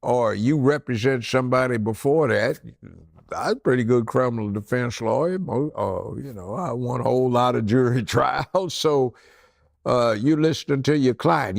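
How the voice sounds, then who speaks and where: An older man, a former judge, telling courtroom stories in an animated way and acting out the people in them. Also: fairly high pitch, moderate pace, gravelly, dry recording, studio quality. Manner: animated, acts out characters in his stories. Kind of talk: storytelling anecdote.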